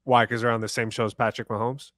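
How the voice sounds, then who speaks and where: Male co-host, quick delivery, chatty, dry close mic. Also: mid-range voice, little pitch movement, a bit bright, no echo. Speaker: podcast co-host. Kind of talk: casual sports chat.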